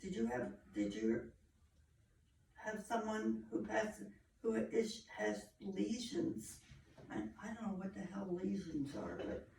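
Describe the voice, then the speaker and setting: A woman working as a psychic medium, giving a family a reading in a halting, searching way, often repeating herself. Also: mid-range voice, big pitch swings, a little mellow. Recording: echoey room from far off, faint noise.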